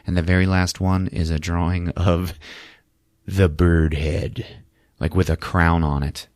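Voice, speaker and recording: A man's voice: low voice, level tone, measured pace, darkish tone, no room sound, studio quality. A man hosting a podcast, recapping a movie in a loose, profane, chatty way full of fillers. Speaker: podcast host.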